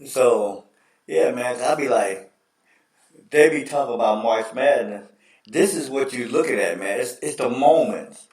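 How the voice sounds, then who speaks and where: A man hosting a casual sports chat show, telling stories in an animated, slangy way. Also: mid-range voice, a little slow. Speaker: host. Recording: echoey room, distant mic.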